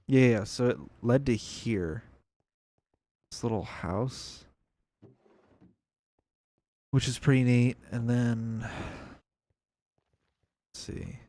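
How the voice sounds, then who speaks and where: A man's voice: medium pitch, very slow, long pauses, warm tone. A young man giving casual, rambling commentary on a video game as he plays, thinking aloud. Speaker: gameplay video creator.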